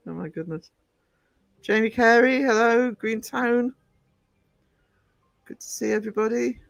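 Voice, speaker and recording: With a high-pitched, fairly bright voice and some vocal fry, a man chats with viewers on a live stream, recorded dry. He's affectionate yet scattered, calling people sweetie and darling, and often says "um" or trails off while reading the chat.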